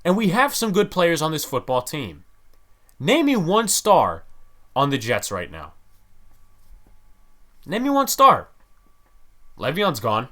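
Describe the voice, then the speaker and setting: A man's voice: mid-range voice, a bit bright. A man hosting a sports podcast, ranting in a heated, exasperated way. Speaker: podcast host.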